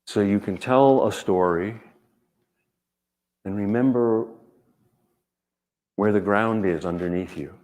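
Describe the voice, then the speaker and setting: Low-voiced man, gentle reflective reading. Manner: gentle, measured, speaks in short unhurried phrases. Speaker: author giving a reading. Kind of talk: reflective talk and reading aloud.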